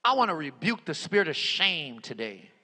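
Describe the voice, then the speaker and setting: A man preaching a sermon, repeating his phrases and swinging between loud emphatic lines and hushed ones. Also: fairly high pitch, big pitch swings, normal speed, breathy edge. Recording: long hall reverb.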